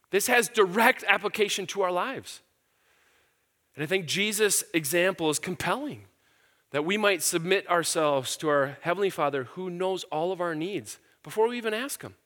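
Man, middle-aged, pastor; high, bright voice, casual and earnest sermon. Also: animated, moderate pace. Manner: casual and earnest, with fillers and repeated words. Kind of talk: conversational sermon.

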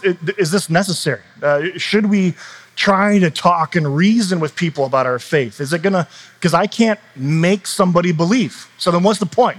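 Man preaching, higher-pitched voice. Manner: conversational preaching with frequent restarts and fillers. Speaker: pastor. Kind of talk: sermon.

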